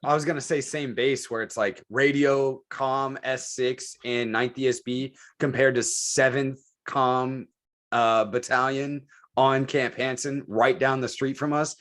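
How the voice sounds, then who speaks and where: A man co-hosting a casual podcast, telling stories with lots of swearing. He slips into other people's voices when he quotes them. His voice sits in the middle of the male pitch range. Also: measured pace. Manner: profane, animated storytelling with mimicked voices. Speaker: podcast co-host. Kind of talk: casual chat.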